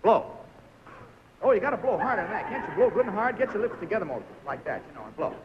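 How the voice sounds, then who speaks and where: A man's voice: sits high, big pitch swings, fast talker, dull audio, very noisy. A man hosting a live 1950s television game show, coaxing contestants through stunts with a jovial, laughing manner.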